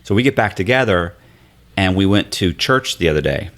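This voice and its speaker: A man's voice: sits low, moderate pace. A man guest on a podcast, talking casually and animatedly, in a hotel room set up as a studio. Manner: animated storyteller, often mimicking others' voices. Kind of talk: casual storytelling conversation.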